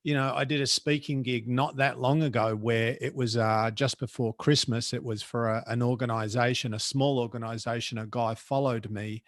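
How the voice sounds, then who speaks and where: A man's voice: medium pitch, fairly even intonation, normal speed, hardly any pauses, no room sound, studio quality. A man with an Australian accent, a professional speaker telling a story as a guest in a casual chat, blunt and colloquial.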